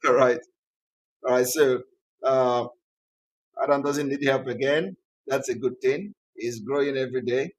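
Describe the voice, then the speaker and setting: A man hosting an online channel, delivering emphatic, repetitive political commentary that rises to loud outbursts. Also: medium pitch, a little slow, pauses often. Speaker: online TV host.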